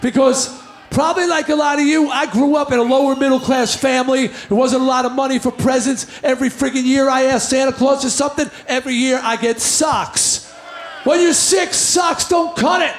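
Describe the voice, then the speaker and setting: A man's voice: very high voice, steady tone, normal speed, slight background noise. A man from the New York area telling a brash, joking story on a live stage between songs. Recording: roomy live venue with faint music.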